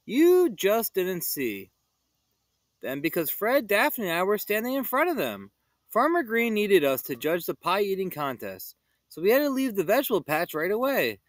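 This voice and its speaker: Man putting on a clever young woman, patient explaining, raised pitch, dry close sound. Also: wildly swooping pitch, normal speed, no room sound. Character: calm know-it-all young woman.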